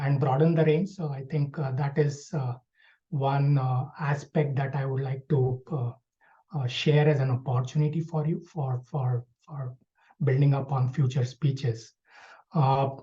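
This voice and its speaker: A man's voice: a little high, warm tone. A man giving a spoken evaluation at an online club meeting, hesitant, with many fillers and restarts. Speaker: speech evaluator. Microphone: video call. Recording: dull lo-fi video call audio.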